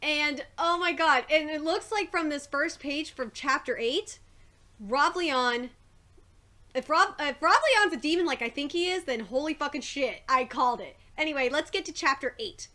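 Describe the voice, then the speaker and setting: A woman streaming a live reaction to a comic, excitable and profane, often breaking into shrieks. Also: sits high, moderate pace.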